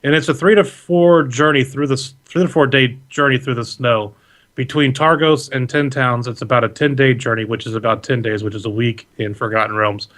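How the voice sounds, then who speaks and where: A man running a tabletop role-playing game over a video call, narrating the scene in a relaxed, rambling way with fillers and self-corrections. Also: medium pitch, a little fast. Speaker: game master.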